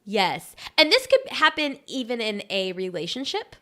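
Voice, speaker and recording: A woman with a Southern American accent co-hosting a casual live chat, lively and quick to laugh as she acts out example lines. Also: on the high side. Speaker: podcast co-host.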